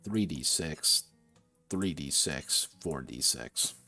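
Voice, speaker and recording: A man's voice: a bass voice, lively intonation, slow, pushed and bright, faint music behind. A man streaming as he designs a tabletop game, thinking aloud in a muttering way, often correcting himself and swearing casually.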